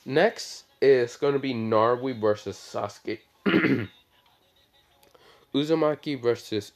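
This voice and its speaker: A young man slowly retelling a fan-made story off the cuff, halting with fillers and clearing his throat. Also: medium pitch. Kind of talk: improvised fan-fiction retelling.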